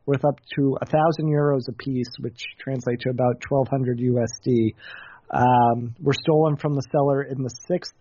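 Mellow-voiced man reading news stories. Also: mid-range voice, fairly even intonation, moderate pace, a little hiss or hum. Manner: matter-of-fact reading, with stumbles. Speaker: host. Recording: dull lo-fi recording, dry.

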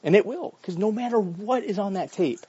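A man's voice: sits high, expressive, fairly quick, warm tone, breathy edge. A man delivering a blunt, profane, argumentative monologue while walking his dog. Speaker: vlogger. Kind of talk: casual ranting monologue. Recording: dull lo-fi recording.

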